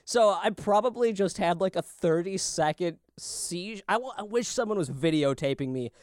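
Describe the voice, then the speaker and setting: Man, podcast co-host, joking, swearing, high lively voice, dry close sound. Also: moderate pace, no room sound. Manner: joking, excitable, swears, bursts into shouted bits. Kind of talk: casual chat.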